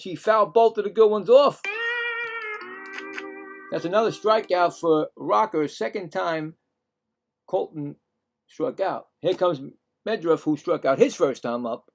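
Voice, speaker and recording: A man calling live baseball play-by-play in a slightly higher register. He chats casually between pitches and gets louder and more excited when the action picks up. Now and then he voices the players' thoughts in quick asides. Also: soft background music. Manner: excitable, jumps louder on big plays, chatty asides. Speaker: play-by-play commentator.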